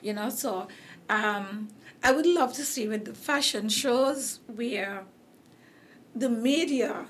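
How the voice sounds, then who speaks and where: A woman's voice: on the high side, slow pace, a bit bright, a little hiss or hum. A woman with a Caribbean accent hosting a casual interview chat, rambling with many fillers and restarts while she is losing her voice. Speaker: host.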